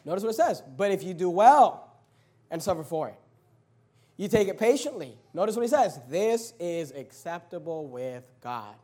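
A man preaching a sermon, emphatic, voicing complaining listeners and dropping his voice low to read scripture. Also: big pitch swings, brisk, pauses often, a little mellow, husky.

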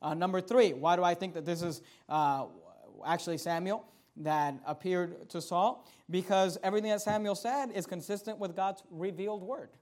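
A preacher with a notably high-pitched man's voice works through a Bible passage in sermon style. He is emphatic, swinging from loud, lifted declarations to quiet asides, and he keeps pressing his listeners with rhetorical questions. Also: moderate pace. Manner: emphatic, rises and falls sharply in loudness, rhetorical questions.

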